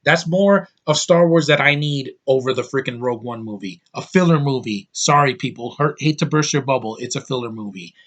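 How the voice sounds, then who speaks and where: A man's voice: medium pitch, fairly bright tone. Opinionated American man ranting casually. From United States. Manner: opinionated, emphatic, quick to dismiss things; frequent restarts and stammering. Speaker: vlogger.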